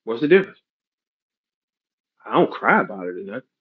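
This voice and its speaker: A man's voice: mid-range voice, big pitch swings, brisk, husky. A man ranting bluntly in a heated podcast, heavy with profanity and street slang, explaining a business dispute. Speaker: battle rap league owner. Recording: dull lo-fi audio.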